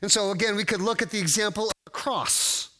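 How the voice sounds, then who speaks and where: A man's voice: sits high, brisk, sharp tone. A man preaching a sermon to a congregation, conversational and full of restarts and fillers. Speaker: pastor.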